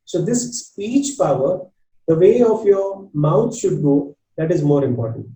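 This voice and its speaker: A man's voice: a little high, expressive, a little slow, warm tone, echoey room, far from the mic, rough recording. A man with an Indian English accent teaching a spoken English class, talking in an earnest, repetitive coaching way. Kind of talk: online class lecture.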